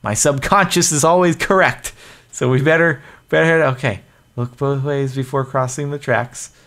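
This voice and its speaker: A man's voice: medium pitch, fairly even intonation, moderate pace, a bit bright. Man, gaming host, casual self-mocking commentary. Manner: jokey, self-mocking, chatty.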